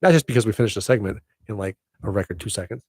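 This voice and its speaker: A man's voice: on the low side, animated, racing, a little mellow, slightly rough, no room sound. A middle-aged man hosting his own podcast, chatty and upbeat with jokey asides. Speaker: podcast host. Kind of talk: casual solo podcast chat.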